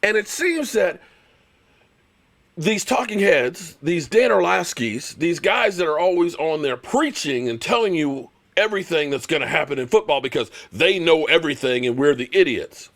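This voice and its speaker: Man, high voice, very animated pitch, sarcastic, fired-up live-stream rant. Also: moderate pace. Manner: fired-up, sarcastic, mocking, emphatic repetition. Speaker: show host and former pro football player.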